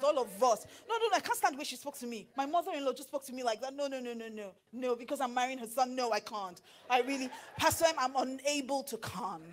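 Nigerian woman, middle-aged, pastor preaching, high voice, lively pidgin asides. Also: fast talker, hardly any pauses. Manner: animated, switching into pidgin and acted asides. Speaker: pastor and marriage counselor. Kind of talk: sermon.

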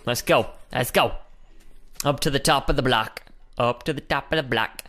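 A man's voice: mid-range voice, normal speed, sharp tone, soft background music. A young man chatting playfully while co-hosting a Minecraft let's play, often calling his partner mate. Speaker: gaming co-host.

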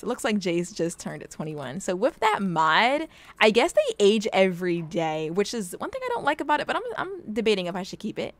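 A woman's voice: mid-range voice, fairly bright tone, dry recording. A young woman hosting a let's play, giving casual, teasing commentary as she plays and laughing often.

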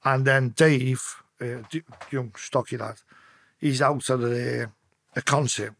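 Husky Scouse man, swearing freely. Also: mid-range voice, steady tone, slow pace, fairly bright tone, no echo. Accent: Liverpool (Scouse). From Liverpool, England. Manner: blunt, heavy swearing, restarts mid-sentence. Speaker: podcast guest. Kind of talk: casual storytelling.

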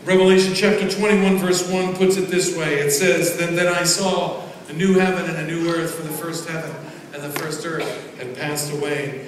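A man preaching a sermon as pastor, swinging between loud proclamations and quiet asides. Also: fairly high pitch, fairly even intonation, normal speed. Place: large church sanctuary. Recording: echoey church hall from far off, noisy.

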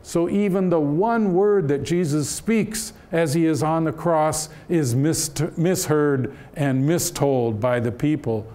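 A man giving a Bible-study lecture in a church, explaining the text in a measured way with frequent "uh" fillers. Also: mid-range voice, a little mellow. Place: church hall.

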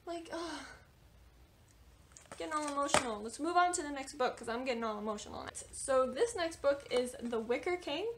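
A young woman in a casual book vlog, chatty and animated, with lots of filler words as she runs through her reading list. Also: high-pitched, fairly quick, few pauses, a little hiss or hum. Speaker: book vlogger. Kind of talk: casual book talk to camera.

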